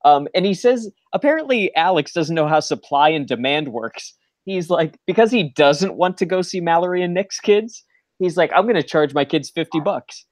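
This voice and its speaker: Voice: mid-range voice, lively intonation, normal speed, no room sound, clean studio sound. A podcast co-host chattily retelling an episode in casual chat, rambling with filler words.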